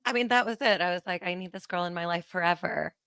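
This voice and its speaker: A woman hosting a podcast who chats casually and talks in excited, gushing bursts. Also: fairly low pitch, fast, clear, resonant tone, no echo, studio quality. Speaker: podcast host.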